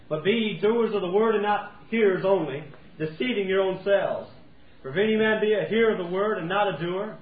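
A man preaching a sermon in a folksy way, acting out everyday scenes. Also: sits high. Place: church sanctuary. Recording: tinny, roomy, from far off.

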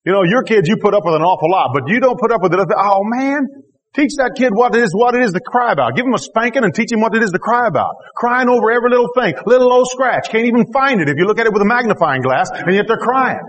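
High-voiced preacher in a reverberant hall. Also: male voice, fast, slight background noise. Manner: animated, rising to emphatic exclamations. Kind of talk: sermon with scripture reading.

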